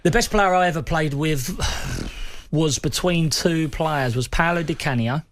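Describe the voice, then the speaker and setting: Male ex-pro, lively slangy raconteur with a lot of laughs, fairly high voice. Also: measured pace, slight background noise. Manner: animated, laughs often, slangy. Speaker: former footballer guest. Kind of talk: casual podcast storytelling.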